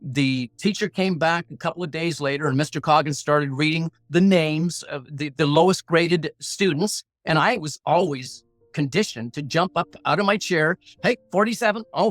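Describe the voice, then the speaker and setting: A middle-aged man with a slightly high, fairly bright voice shares a personal story as a podcast guest. He works as a negotiation coach and speaks in an earnest, blunt, plain-spoken way with motivational punch, acting out inner voices.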